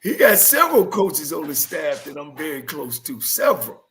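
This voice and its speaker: A man's voice: fairly high pitch, big pitch swings, normal speed, over a noisy crowd. A man co-hosting a sports talk show, blunt and outspoken in casual banter. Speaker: co-host.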